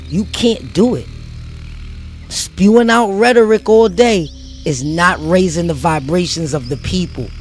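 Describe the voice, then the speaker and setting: Emphatic, preachy man ranting to viewers. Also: a little high. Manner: emphatic, repetitive, street slang. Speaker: vlogger. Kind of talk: preachy motivational rant to viewers.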